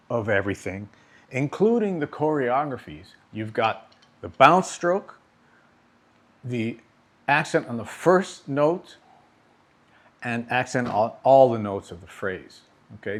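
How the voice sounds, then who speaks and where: Man teaching drum technique. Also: medium pitch. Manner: patient, explanatory, frequent "okay?" check-ins. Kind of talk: instructional demonstration.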